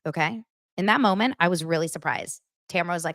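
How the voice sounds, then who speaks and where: A woman's voice: on the low side, fast talker, no echo, clean studio sound. A woman hosting a chatty reality TV gossip recap, talking straight to her viewers. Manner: animated, chatty, addresses viewers directly. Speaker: host.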